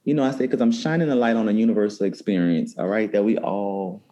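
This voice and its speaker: A man who works as a therapist, from New Orleans, talking in an interview in an animated way with many restarts. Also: on the low side, fast talker, muffled recording. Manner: warm, animated storytelling with frequent restarts. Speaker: therapist and cookbook author. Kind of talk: interview conversation.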